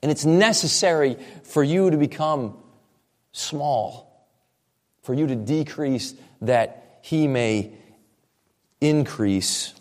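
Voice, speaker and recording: A man's voice: on the high side, takes it slowly, long pauses, in a large hall. A man preaching a sermon, earnest and expository, often repeating points for emphasis. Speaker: pastor.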